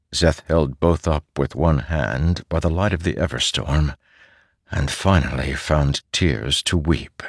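A man reading an audiobook as a narrator, in a measured, steady manner. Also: very deep voice, no echo, clean studio sound. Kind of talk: scripted narration.

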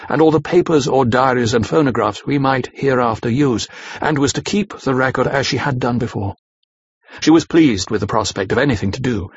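A man narrating a classic novel in a measured, even reading. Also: medium pitch, husky, dry recording. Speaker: audiobook narrator. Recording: slightly dull lo-fi recording.

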